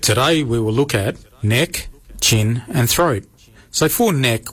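A man teaching words in a radio language lesson, slowly spelling each word letter by letter. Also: mid-range voice, lively intonation, fairly bright tone, slightly rough, no echo.

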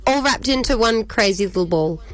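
A woman's voice: fairly high pitch, lively intonation, fairly quick. A woman from Australia, a guest chatting cheerfully on a radio show. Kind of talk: casual chat.

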